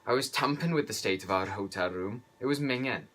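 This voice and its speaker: A woman's voice: very deep voice, expressive, fairly quick, a bit bright, voice pushed down, exaggerated voice. A woman voicing a gossipy, know-it-all South Welsh woman who chats in local slang with a sing-song lilt.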